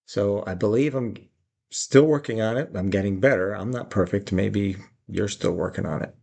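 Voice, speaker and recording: A man's voice: on the low side, normal speed, creaky, a little mellow, husky. A middle-aged man giving life advice in a reflective, storytelling way, laughing often and acting out quotes. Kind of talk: reflective personal talk.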